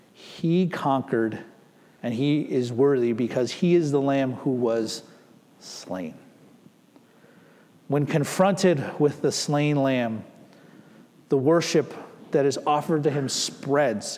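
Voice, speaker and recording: A man preaching a sermon in a fairly high voice, the words trailing off into a long hall reverb. He checks in with the congregation through rhetorical questions and slows right down to press home key phrases. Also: a little mellow. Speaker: pastor.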